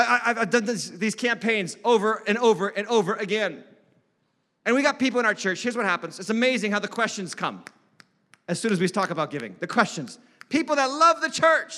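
High, bright-voiced preaching pastor. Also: male voice, long reverb tail. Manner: emphatic preaching with mocking quoted voices. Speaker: lead pastor. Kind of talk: sermon. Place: church sanctuary.

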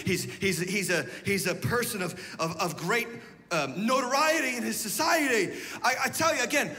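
Animated pastor with a high, bright voice. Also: male voice, long reverb tail. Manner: animated, swings from shouted emphasis to hushed asides, leads call-and-response. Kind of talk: sermon.

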